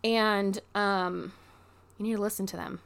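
A woman vlogger chats casually and tells a story to her camera, with lots of "like" fillers. Her talk is excitable and gushing, and her pitch sits in an ordinary middle range. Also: a little slow, gravelly. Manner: chatty, filler-heavy with constant "like".

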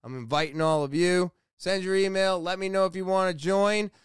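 A man in his thirties talking to camera in a rambling, animated way, swearing freely as he tells a story. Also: sits high, moderate pace, clean tone, no room sound, clean studio sound. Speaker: vlogger. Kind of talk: casual storytelling monologue.

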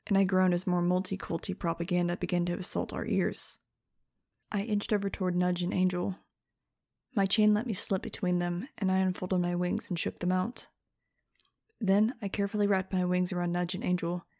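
Gravelly, wisecracking female audiobook narrator. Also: fairly low pitch, dark tone, no room sound, studio quality. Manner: sarcastic, wisecracking and conversational. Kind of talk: first-person audiobook narration.

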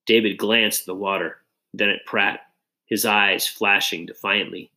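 A man reading a children's adventure story aloud in an expressive, dramatic way. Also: lowish voice, a little slow. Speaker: audiobook reader. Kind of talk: storybook narration.

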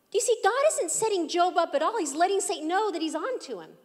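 A woman's voice: very high-pitched, lively intonation, fast talker, hardly any pauses. A woman pastor preaching an emphatic, earnest sermon in a church hall. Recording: echoey hall.

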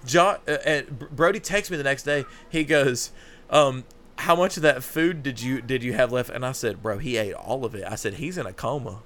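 A man's voice: mid-range voice, moderate pace, a bit bright, slight background noise. A young man casually telling a funny, profane story on a podcast, laughing often. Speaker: podcast host.

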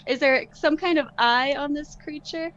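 A woman's voice: high-pitched, moderate pace, a bit bright, dull audio. A woman playing a tabletop game, cheerful and giggly, fumbling a little with her sums. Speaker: player.

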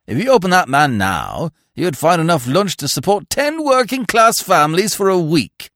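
A man voicing a young man disguised as a bearded street orator, declaiming loudly and scornfully. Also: on the high side, sing-song, normal speed, no echo, clean studio sound. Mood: ranting.

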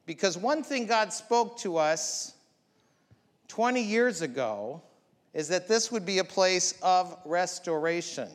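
A man's voice: high-pitched, animated, takes it slowly. A man preaching a sermon as pastor, building up with emphatic repeated lines. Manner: preaching with rising, emphatic repetition. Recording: long hall reverb.

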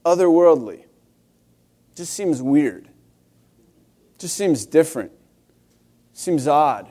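Wry, higher-voiced male preacher. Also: expressive, slow, long pauses, warm tone. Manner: conversational, wry storytelling with restarts. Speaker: pastor. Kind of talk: sermon.

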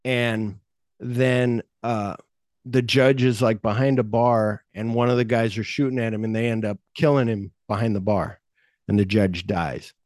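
A man hosting a podcast, retelling a film script in a rambling, animated way and acting out bits of dialogue. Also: lowish voice, measured pace, dry recording, studio quality. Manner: rambling, animated plot retelling with acted-out quotes. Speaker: podcast host. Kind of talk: casual podcast chat.

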